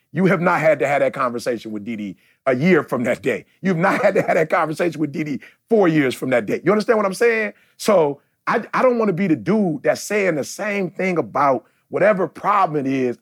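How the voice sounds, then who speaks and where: Husky preacherly man on a podcast. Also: on the high side, a bit bright, no room sound, clean studio sound. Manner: preachy, emphatic, repeats "see?". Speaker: podcast host. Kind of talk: casual chat.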